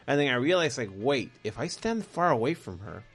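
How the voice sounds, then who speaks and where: A man's voice: medium pitch, big pitch swings, brisk, fairly bright tone, slightly rough. Rambling, profane man telling stories. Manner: profane, rambling, acts out quoted voices. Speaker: podcast guest telling stories. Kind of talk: casual storytelling chat.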